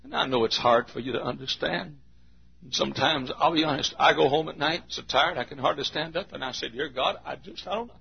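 Pastor, male, husky raspy voice, fervent sermon delivery with big swings in loudness. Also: a little high, brisk, muffled recording. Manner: swings from shouting and singing to hushed, intimate talk.

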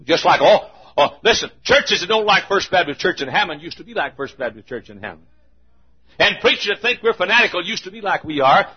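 A man preaching a sermon, telling folksy stories and swinging between hushed asides and emphatic points. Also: medium pitch, slightly rough. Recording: muffled lo-fi recording.

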